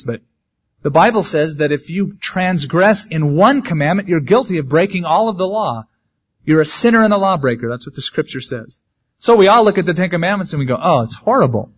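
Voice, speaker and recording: A male pastor preaching a sermon in a conversational way, with humorous asides. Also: a little high. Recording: dull lo-fi sermon recording.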